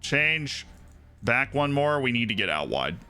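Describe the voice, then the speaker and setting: A man live-streaming a football manager game, commenting on the match like a sports caster and bursting into shouts at goals. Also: medium pitch, big pitch swings, a little slow. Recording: game music clearly playing behind. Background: game music.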